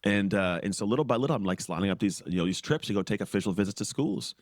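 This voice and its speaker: A man in his forties, a former pro football player guesting on a podcast, telling his story in a lively way, acting out what others said and laughing often. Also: lowish voice, quick pace, no room sound, clean studio sound. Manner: animated, acts out quoted voices, laughs often. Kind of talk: storytelling in casual interview.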